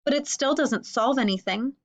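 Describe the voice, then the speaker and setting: A woman's voice: high voice, moderate pace, voice pushed up, natural voice. A woman voicing a grumpy, lonely male rhinoceros in a read-aloud animal story, huffing and grumbling his lines. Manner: huffy and grumbling.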